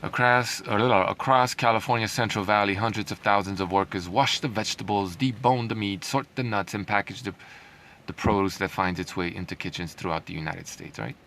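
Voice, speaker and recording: A man's voice: on the low side, fairly quick, fairly bright tone, slight background noise. A man ranting in a sarcastic, heated way, reading out news lines and mocking them with scornful laughs. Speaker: commentary vlogger.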